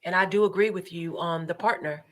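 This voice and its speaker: Expressive middle-aged Southern US woman. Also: on the low side, brisk. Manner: storytelling, expressive, laughs while telling. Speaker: radio co-host. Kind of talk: casual talk radio chat.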